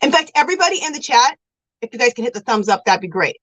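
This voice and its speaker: Chatty woman livestreaming with a lively voice. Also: fairly high pitch, quick pace, dry recording, rough recording. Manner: chatty and effusive, calls viewers girl and sweetie. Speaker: livestream host of a yarn crafting show. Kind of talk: casual livestream chat, reading comments aloud. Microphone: phone.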